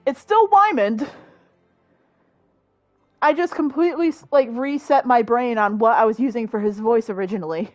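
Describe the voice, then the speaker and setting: A woman's voice: a little high, moderate pace, long pauses, dry recording, dull audio, soft background music. A young woman streaming a game, chatting casually, joking and swearing freely. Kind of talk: casual gameplay chat.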